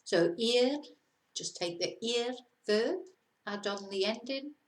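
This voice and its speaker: A Spanish teacher leads a casual video lesson in a fairly high, expressive voice, speaking slowly. She's chatty and encouraging and laughs at herself now and then. The room gives the recording a roomy echo.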